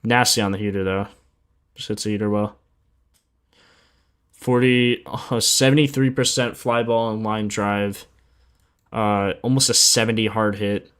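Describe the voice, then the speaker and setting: A man's voice: fairly low pitch, steady tone, unhurried, pauses often, fairly bright tone, clean tone. A man hosting a sports betting livestream in casual chat, laid-back and slangy, sleepy after just waking up, reading stats aloud and answering chat.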